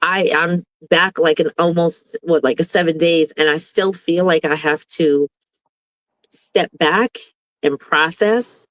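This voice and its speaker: A woman's voice: deep voice, fairly even intonation, takes it slowly, fairly bright tone, dry recording, poor audio. A woman educator from Brooklyn, a guest on an online talk, speaking in an earnest, effusive and grateful way. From Brooklyn, New York. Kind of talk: casual video call chat.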